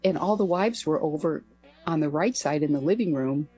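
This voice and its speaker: A woman's voice: sits low, expressive, normal speed, mellow, husky, soft background music. An older woman, a retired pilot, telling a story as a guest on a radio interview, with a light laugh now and then. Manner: anecdotal, laughs while telling. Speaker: guest, former pilot and astronaut.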